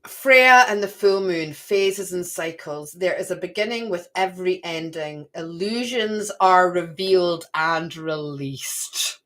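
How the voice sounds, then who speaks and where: A woman's voice: lowish voice, slow, hardly any pauses, fairly bright tone. A woman giving a casual, chatty spiritual card reading to her viewers, often checking in with "okay?" and "right?".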